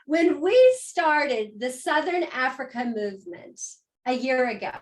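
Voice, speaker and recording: A woman with a high voice hosts a video call. She speaks with emphatic, heartfelt warmth and stacks repeated phrases to build her point. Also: big pitch swings, unhurried. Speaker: host. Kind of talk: enthusiastic introduction on a call.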